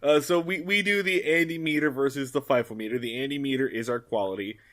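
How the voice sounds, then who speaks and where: A man co-hosting a casual podcast chat, animated and quick to joke. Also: medium pitch. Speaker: podcast co-host.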